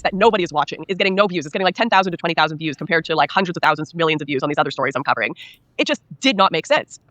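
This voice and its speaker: Fast-talking woman with a bright voice. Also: lowish voice, no echo. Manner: rapid, earnest, acts out quoted people. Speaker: interview guest, author. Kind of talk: candid conversational interview.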